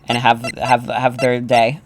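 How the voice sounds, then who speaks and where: A man's voice: medium pitch, monotone, unhurried, a little hiss or hum. A man giving casual, joking, self-deprecating commentary while streaming a game. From New York.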